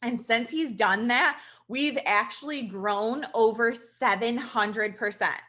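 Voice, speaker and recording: This woman's voice is slightly high, and she takes her time. A registered nurse in her thirties, she gives a casual personal testimonial to an audience in an earnest, chatty way, referring to listeners as "you guys."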